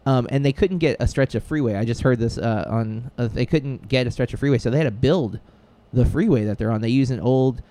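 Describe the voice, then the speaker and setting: A man's voice: medium pitch, a little fast, hardly any pauses, dark tone. A man co-hosting a podcast, chatting casually and enthusiastically, rambling with frequent fillers and restarts. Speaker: podcast co-host. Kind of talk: casual chat.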